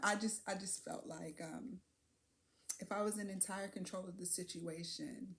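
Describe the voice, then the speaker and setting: Woman vlogger, lowish voice, candid reflective monologue with fillers and soft laughs. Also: fairly quick, gravelly. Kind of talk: reflective personal vlog.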